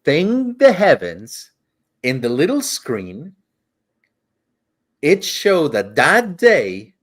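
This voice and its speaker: A man's voice: fairly high pitch, wildly swooping pitch, extremely slow, fairly bright tone. A man co-hosting a podcast, telling a travel story in casual chat, rambling, swearing freely and acting out the quotes. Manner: acts out quotes in shifting voices. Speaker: podcast co-host.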